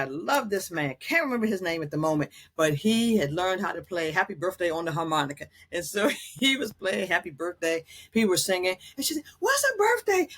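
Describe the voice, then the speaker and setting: A woman in her sixties, a guest on an interview show, telling caregiving stories in a lively way, acting out other people's voices and laughing often. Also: on the low side. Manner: animated storyteller who acts out quoted voices and laughs often. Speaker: guest, author and former caregiver. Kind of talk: storytelling interview.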